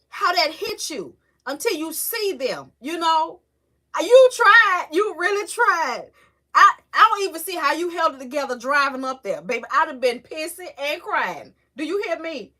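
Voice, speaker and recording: Woman livestream host, high and bright, chatty and emotional with her chat. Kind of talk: casual live-stream chat with viewers.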